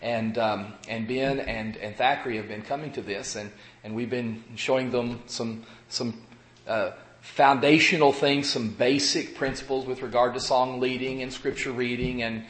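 A man in his fifties giving an evening sermon at a pulpit microphone, talking around a cough drop while getting over a cold, folksy and halting with many fillers and restarts. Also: mid-range voice, fairly even intonation, fairly bright tone, reverberant. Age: 50s. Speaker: preacher. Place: church sanctuary.

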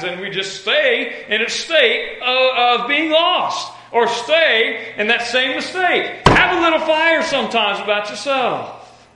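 An emphatic male preacher drives his sermon with repeated phrases and stammering restarts. His voice is bright and pitched high for a man, and it rings through a roomy, echoey space. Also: lively intonation, takes it slowly.

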